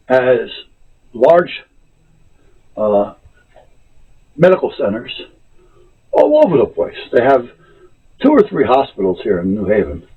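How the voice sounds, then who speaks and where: Husky, animated man telling a story. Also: medium pitch. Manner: animated, exasperated retelling of a phone call. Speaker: vlogger. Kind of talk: casual storytelling rant. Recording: tinny lo-fi phone-like audio.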